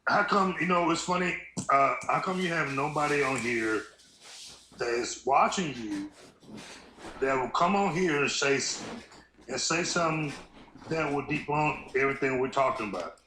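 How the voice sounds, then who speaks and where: A man calling in to a stream, his voice fairly high and bright, with faint noise and room echo behind it. He speaks bluntly and mocks the people he argues with. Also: normal speed. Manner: blunt, emphatic, mocks opponents in put-on voices. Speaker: caller. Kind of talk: casual phone-in chat.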